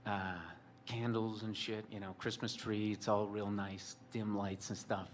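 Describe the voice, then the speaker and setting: A man's voice: lowish voice, little pitch movement, a little slow, slight background noise. A man telling a long personal story in a rambling, profane, sardonic way, full of fillers like "like" and "you know". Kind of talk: storytelling monologue.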